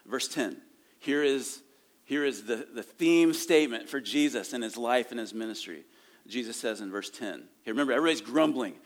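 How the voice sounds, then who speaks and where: A man's voice: mid-range voice, normal speed. A man preaching a sermon in a church, reading scripture and breaking off into casual asides and chuckles. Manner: animated and conversational, reading scripture aloud with asides and laughs. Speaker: pastor. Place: church sanctuary.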